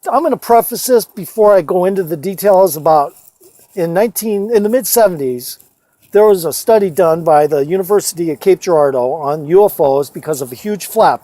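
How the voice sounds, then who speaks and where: A man's voice: high voice, dark tone. A man in his fifties from Missouri telling a personal story in a rambling, casual way, swearing often and full of asides and fillers.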